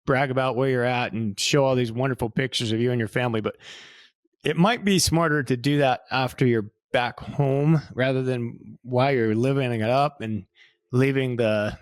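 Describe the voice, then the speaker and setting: A man's voice: medium pitch, normal speed, no room sound. Fifties male co-host, casual and wry, dry close mic. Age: 50s. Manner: easygoing, wry, trails off and restarts. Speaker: podcast co-host, financial advisor. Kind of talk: casual conversational podcast chat.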